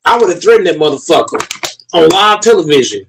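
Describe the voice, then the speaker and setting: A man's voice: fairly high pitch, sing-song, brisk, vocal fry, noisy background. A man streaming a heated, profane rant, repeating himself and talking straight to his chat.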